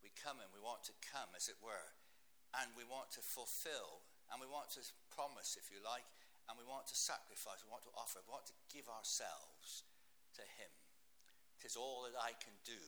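A man's voice: mid-range voice, bright, forceful tone, a little hiss or hum. A man preaching a sermon in an earnest way, lifting his voice for scripture readings.

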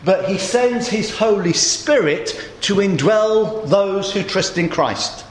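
A man preaching a sermon in a conversational storytelling way, his voice a little groggy and hoarse. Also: high-pitched, sing-song, takes it slowly, reverberant, slight background noise.

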